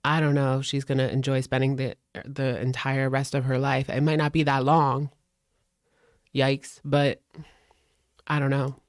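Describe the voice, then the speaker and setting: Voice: mid-range voice, level tone, a little slow, dry recording, clean studio sound. A host doing gossip reaction commentary, snarky and sarcastic about the clips being watched.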